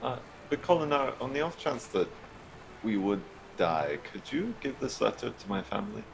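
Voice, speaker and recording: A man's voice: mid-range voice, big pitch swings, moderate pace, creaky, a little hiss or hum. A man playing in a tabletop game, chatting in a joking, self-deprecating way. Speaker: player. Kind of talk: casual tabletop game chat.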